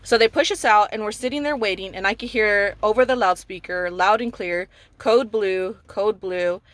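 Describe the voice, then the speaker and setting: Mom from california telling her baby's hospital story, gets emotional, mid pitch, dry. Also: fairly quick, fairly bright tone, no echo. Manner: emotional, retelling with quoted dialogue. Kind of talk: personal testimony.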